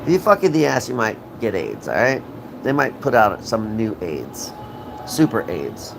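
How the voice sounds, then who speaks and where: A man's voice: lowish voice, wildly swooping pitch, moderate pace, vocal fry, background noise. An American man hosting a live stream, ranting in a rambling, profane and heated way and answering viewers' comments. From United States. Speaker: livestream host.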